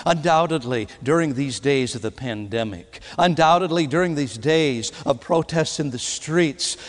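A man preaching a sermon to a congregation in a church sanctuary. His delivery is dramatic, swinging between loud emphasis and hushed, soft tones. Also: a little high, normal speed. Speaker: guest preacher. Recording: long hall reverb.

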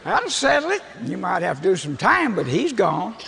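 An older man, preaching in a folksy, humorous storytelling way with a gravelly, husky voice. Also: high-pitched, sing-song, moderate pace, fairly bright tone. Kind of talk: storytelling sermon. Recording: long hall reverb.

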